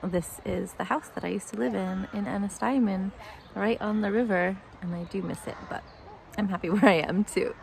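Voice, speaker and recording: A woman's voice: mid-range voice, steady tone, normal speed, creaky, a little hiss or hum. A woman in her forties with an American accent, chatting casually in a vlog and laughing often. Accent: American, New Jersey. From United States. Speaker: vlogger.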